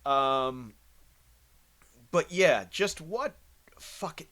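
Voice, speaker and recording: A man's voice: on the high side, wildly swooping pitch, takes it slowly, long pauses, bright, forceful tone. A man hosting a podcast, riffing crudely on video clips with lots of swearing, fillers and restarts. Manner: profane, rambling, many fillers and restarts. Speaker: podcast host.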